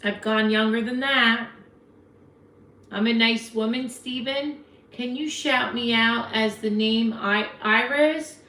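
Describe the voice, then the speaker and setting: Slow, chatty woman in an echoey room. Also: on the high side, steady tone, bright, forceful tone. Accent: New Jersey. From New Jersey. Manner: chatty, frank, talks back to viewer comments. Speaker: livestream host. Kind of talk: casual live chat reading comments.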